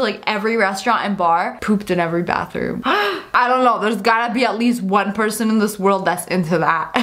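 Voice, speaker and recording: A young woman with a fairly high, very lively voice reads out texts and jokes about them. She laughs a lot and jumps into shrill mocking voices. Faint music plays behind her. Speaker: YouTube host reading funny texts. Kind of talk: casual reaction commentary.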